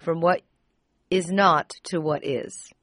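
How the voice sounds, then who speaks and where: A woman's voice: lowish voice, fairly even intonation, takes it slowly, fairly bright tone, no room sound, clean studio sound. A woman hosting an interview, asking questions and affirming her guest. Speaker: interview host.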